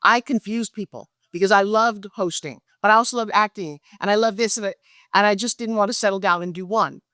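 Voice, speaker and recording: Animated woman telling a story. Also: a little fast, no room sound, studio quality. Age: middle-aged. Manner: acts out quoted dialogue with lively pitch jumps. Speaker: guest, pitch expert and speaker.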